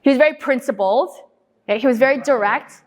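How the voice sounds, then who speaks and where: High-voiced woman lecturing in a reverberant hall. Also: fast. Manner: quizzes the audience and repeats their answers back; lively anecdotal storyteller with frequent "right?" and "okay?". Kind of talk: interactive lecture with storytelling.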